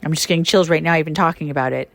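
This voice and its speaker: A woman hosting a podcast, telling stories in a casual, chatty monologue with many fillers and sudden emphatic rises in pitch. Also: rapid-fire, vocal fry, no echo. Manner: animated, emphatic, swings her pitch up when excited. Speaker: podcast host and shaman.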